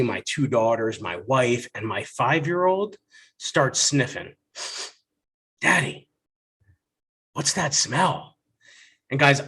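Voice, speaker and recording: Man, thirties, stand-up comedian, animated storyteller, raised pitch, very lively intonation. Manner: animated storytelling, acts out family dialogue.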